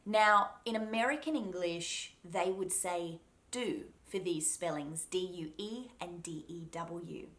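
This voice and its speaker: A woman with an Australian accent teaching a pronunciation lesson, speaking deliberately and repeating each sound to demonstrate it. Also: on the low side, fairly bright tone. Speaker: accent coach.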